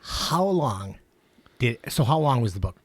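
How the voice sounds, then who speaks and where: A man's voice: mid-range voice, sing-song, a little slow. A man co-hosting a podcast in casual chat, chatty and asking questions. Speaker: podcast co-host.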